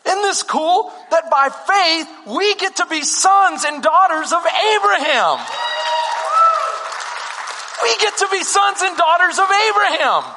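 Fervent high-voiced male preacher. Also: lively intonation, slow pace, in a large hall, crowd noise, noisy background. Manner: fervent, emphatic, rhetorical questions. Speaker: pastor. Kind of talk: sermon.

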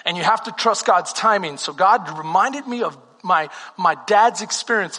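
A middle-aged man from Texas preaches a sermon in a very high, bright voice. He repeats his phrases, climbing to shouts and then dropping to a hush for personal stories. The sound rings with the long reverb of a church hall. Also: normal speed, few pauses. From Texas, USA. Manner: repetitive, swings from shouted fervor to hushed confessional storytelling. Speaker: pastor. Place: church sanctuary.

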